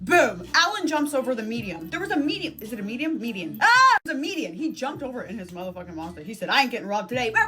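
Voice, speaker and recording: A woman in her thirties telling a casual storytime, fast and profane, full of "like" and "dude". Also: a little high. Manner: fast, profane, animated retelling with lots of "like".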